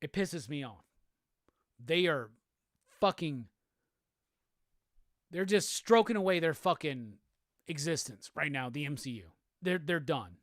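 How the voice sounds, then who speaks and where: A man's voice: fairly high pitch, lively intonation, a little slow, long pauses, no echo, studio quality. A man hosting a solo show, ranting angrily with heavy profanity and repeated phrases. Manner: profane, repetitive, heated. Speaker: host. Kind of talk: angry solo commentary rant.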